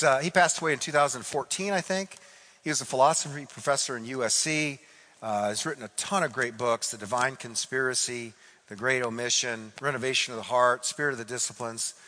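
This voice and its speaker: Forceful, animated preacher man. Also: medium pitch, in a large hall, rough recording. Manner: animated, repeats phrases for emphasis. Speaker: pastor. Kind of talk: sermon.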